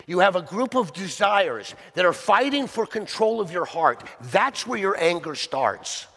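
A male pastor delivers a sermon in a plain, conversational way and keeps asking his listeners rhetorical questions. His voice sits a little high for a man. The sound carries a long reverb, as in a large church hall. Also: big pitch swings, measured pace, vocal fry, sharp tone.

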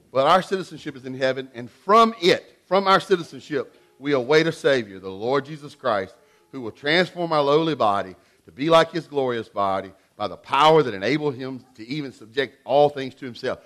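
A middle-aged pastor delivers an animated sermon, his mid-range voice moving at a moderate pace as he swings between loud and hushed passages.

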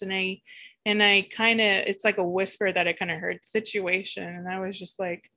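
A woman at an ordinary middle pitch talks through a spiritual reflection in a searching, halting way. She often breaks off and restarts her sentences as she looks for the right words. Her delivery stays candid and emotionally open throughout. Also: flat delivery, pushed and bright. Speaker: spiritual vlogger. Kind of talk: personal spiritual reflection monologue.

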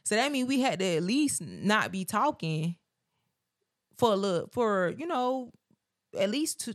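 A young adult woman co-hosting a podcast, telling her story in an animated, emphatic way and repeating phrases for punch. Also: medium pitch, a little slow, long pauses, dry recording, clean studio sound. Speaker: podcast co-host. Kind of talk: casual storytelling chat.

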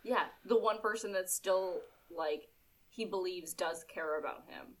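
A woman's voice: on the low side, measured pace, fairly bright tone. Woman, young adult, podcast co-host, casual recap, filler-heavy, chatty.

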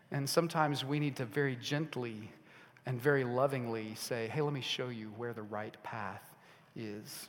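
A man preaching a sermon, emphatic and repetitive, sometimes dropping to a soft, intimate tone. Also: on the high side. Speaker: pastor. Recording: long hall reverb.

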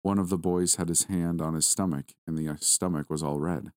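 A man with a very low voice reads a first-person horror story. His delivery is steady and measured. The sound is close and dry, with no room around it. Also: dry recording. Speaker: story narrator.

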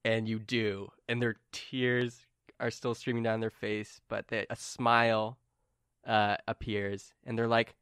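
A man narrates a tabletop game as game master, relaxed and playful. His voice is bright and clear, recorded dry and close with no room sound. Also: on the low side, unhurried, no room sound.

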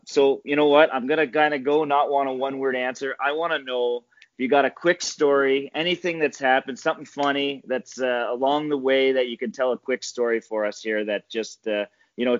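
Man, podcast co-host, hesitant, lots of fillers, mid pitch, dry lo-fi sound. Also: steady tone, moderate pace, no room sound. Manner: hesitant, filler-heavy questions. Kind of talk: casual podcast chat. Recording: dry, muffled podcast audio.

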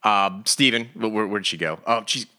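A man's voice: on the low side, moderate pace, pushed and bright. A man hosting a casual comics news podcast, upbeat and chatty, laughing often. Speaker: podcast host.

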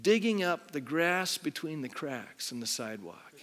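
A man's voice: on the high side, big pitch swings, normal speed, fairly bright tone. A middle-aged male pastor preaching a sermon in a church, talking conversationally and putting frequent questions to the congregation. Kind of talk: sermon with altar call. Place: church sanctuary. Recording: long hall reverb with faint music.

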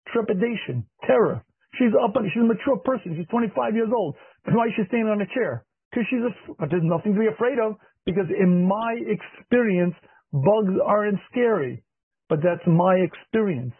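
A husky male rabbi giving a class on marriage, clearing his throat often and hammering points home by repeating them. His voice sits fairly high for a man. The sound is thin and dry, like a phone line. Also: no room sound. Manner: emphatic, repeats key phrases, acts out dialogue. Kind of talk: lecture.

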